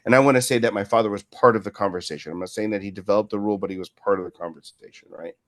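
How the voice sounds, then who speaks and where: A man's voice: lowish voice, racing. A man in his fifties, a martial arts instructor telling long, rambling stories in an interview and often adding "right?" to what he says. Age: 50s. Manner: rambling, with frequent "right?" tag questions. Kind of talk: casual storytelling in an interview.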